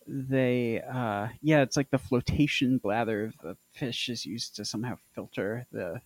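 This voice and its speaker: A man's voice: medium pitch, measured pace, no echo. A man co-hosting a podcast, easygoing and chiming in with short replies and musings. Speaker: podcast co-host. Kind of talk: casual chat.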